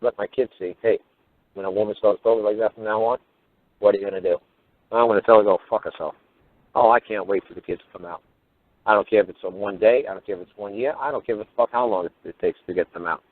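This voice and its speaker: A man's voice: fairly low pitch, quick pace, dry recording. A man giving a profane, heated radio monologue as a talk show host. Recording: phone-line radio audio.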